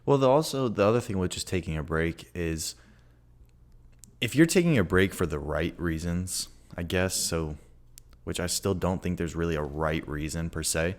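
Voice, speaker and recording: A man's voice: sits low, normal speed. A young man co-hosting a podcast, chatting casually with slangy phrasing. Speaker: podcast co-host. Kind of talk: casual chat.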